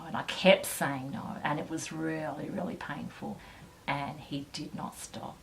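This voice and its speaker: A woman giving earnest, halting personal testimony in an interview. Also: low-pitched, steady tone, creaky, fairly bright tone, slight background noise, poor audio.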